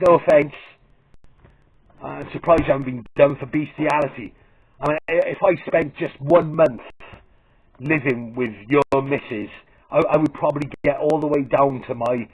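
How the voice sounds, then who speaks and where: A man's voice: medium pitch, fairly even intonation, moderate pace, husky. A man ranting profanely and aggressively to camera in a crude satirical comedy vlog. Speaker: comedy vlogger. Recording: tinny phone-like audio.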